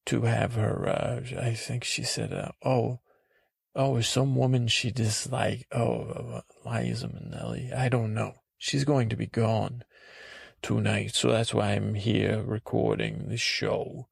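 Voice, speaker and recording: A man rambling naively through a comic podcast monologue in character, halting often and acting out what others said. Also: medium pitch, creaky, darkish tone, husky, no echo, studio quality. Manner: acts out quotes in silly voices.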